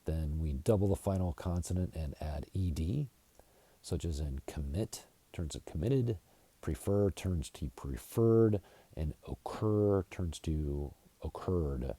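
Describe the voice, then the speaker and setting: An American man teaching an English grammar lesson, going slowly and deliberately and spelling words out letter by letter. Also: sits low, animated, mellow, husky, no room sound. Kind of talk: slide-based grammar lesson.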